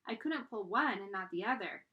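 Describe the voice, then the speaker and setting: A woman's voice: mid-range voice, lively intonation, normal speed, muffled recording, natural voice. Woman playing a stubborn, mischievous schoolboy. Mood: protesting.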